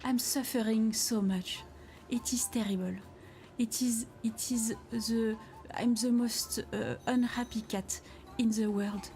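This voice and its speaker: A woman's voice: fairly high pitch, fairly even intonation, slow pace, warm tone. A woman voicing a lazy, dramatic male house cat with a French accent, whining melodramatically that he is starving. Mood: whiny dramatic. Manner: whiny, melodramatic complaining.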